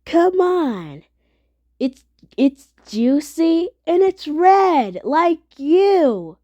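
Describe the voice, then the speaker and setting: A woman's voice: very high-pitched, very animated, extremely slow, mellow, no room sound, heavily acted. A woman voicing a kind young friend who coaxes a sick child to eat apples, in a toy play story. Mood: coaxing. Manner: coaxing, encouraging.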